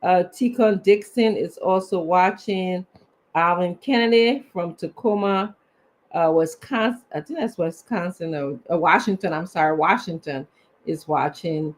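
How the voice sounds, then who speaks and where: A man's voice: high voice, measured pace. A man, co-hosting a live show and reading out viewers' names, sometimes stumbling over them. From Liberia. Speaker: co-host.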